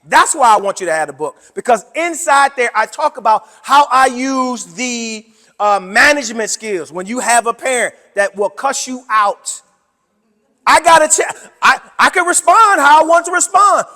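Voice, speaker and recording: A man presenting a workshop to teachers, with an animated, preacher-like delivery that swings between loud and soft. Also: very high-pitched, normal speed. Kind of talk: conference talk to educators. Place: conference room. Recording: hall with long reverb.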